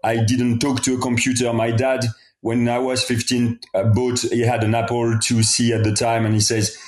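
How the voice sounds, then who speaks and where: A man's voice: medium pitch, level tone, normal speed, darkish tone. A middle-aged man with a French accent, a guest on a podcast who tells stories in a cheerful, chatty way. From France. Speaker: guest entrepreneur. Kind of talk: casual podcast interview. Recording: echoey room.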